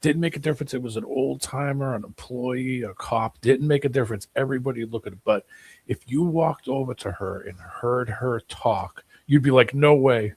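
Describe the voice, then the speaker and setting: A man's voice: mid-range voice, moderate pace, husky, no room sound. A man on a live panel call, telling a story with lots of laughter and voiced asides. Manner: animated storyteller, laughs a lot, mimics voices. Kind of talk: casual panel chat.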